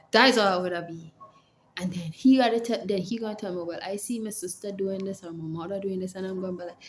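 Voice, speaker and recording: A young woman with a Jamaican accent chats straight to camera, telling stories and playing out both sides of arguments. Her voice sits at an ordinary middle pitch. A little background noise hums under the recording. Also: quick pace. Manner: animated storytelling, acts out quoted lines. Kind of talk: casual advice monologue.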